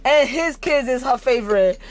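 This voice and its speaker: A woman with a New York accent, her voice sitting a bit high for a woman. She talks bluntly and brashly, laughing easily and swearing freely as she chats as a guest actor. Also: expressive, moderate pace. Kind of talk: casual chat.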